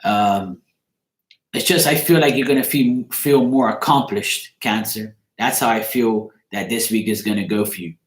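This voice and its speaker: A man's voice: lowish voice, moderate pace, reverberant. A man giving a casual tarot reading on a livestream, rambling loosely, swearing now and then and breaking off to greet viewers. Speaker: tarot reader.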